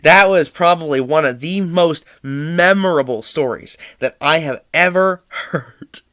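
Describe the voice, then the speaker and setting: Bright-voiced young man telling family tales. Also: on the high side, unhurried, no room sound, clean studio sound. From Pennsylvania. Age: young adult. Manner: animated, chuckling retelling. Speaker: student storyteller. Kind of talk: anecdotal family storytelling.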